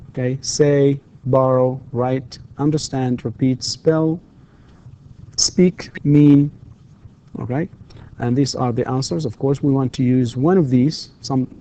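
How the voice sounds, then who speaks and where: A man's voice: mid-range voice, mellow, lo-fi sound. A man whose first language is Arabic, giving a recorded university English lecture and patiently repeating example questions. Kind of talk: recorded distance-learning lecture.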